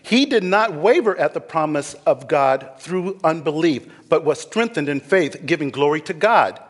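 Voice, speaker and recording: A man preaching a sermon as pastor, animated, acting out scripture figures with laughter. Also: fairly high pitch, normal speed, long reverb tail.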